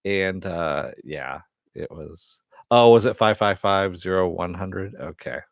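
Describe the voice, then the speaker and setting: A man hosting a casual spoken review of an animated series, rambling with many fillers, laughing often and swearing with enthusiasm. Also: low-pitched, takes it slowly, vocal fry, no room sound, studio quality. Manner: profane and enthusiastic.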